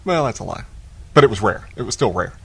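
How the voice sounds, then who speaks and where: A man's voice: lowish voice, expressive, quick pace, vocal fry, slightly rough. Opinionated man on a movie podcast. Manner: opinionated, emphatic agreement. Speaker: podcast co-host. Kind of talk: casual movie review chat.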